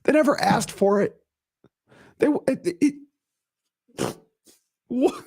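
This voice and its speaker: Male podcast host, strained gravelly voice, husky and high-ish, animated and emphatic. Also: very slow, pauses often. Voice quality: raspy, gravelly. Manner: animated, emphatic, repeats himself. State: strained, recovering voice. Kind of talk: casual solo podcast talk.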